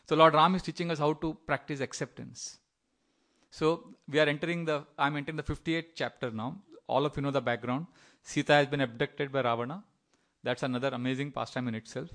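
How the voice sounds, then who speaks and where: A man's voice: fairly high pitch, a bit bright. A middle-aged man giving a sermon in a conversational storytelling way, often acting out the voices of people in his stories. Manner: conversational, with fillers and small laughs. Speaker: preacher.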